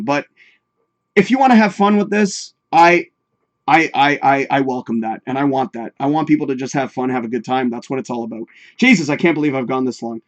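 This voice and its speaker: A man hosting a livestream show, chatting casually, swearing freely and reading viewer comments aloud with jokey advice. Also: fairly high pitch. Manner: profane, chatty, laughs often, reads viewer comments aloud.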